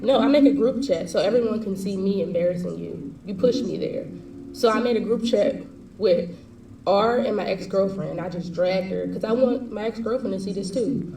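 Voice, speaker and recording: A woman's voice: mid-range voice, gravelly, noisy background. A young woman vlogger telling a personal story in a casual, heated, slang-heavy way. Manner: heated, fast slangy retelling. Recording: echoey room, distant mic.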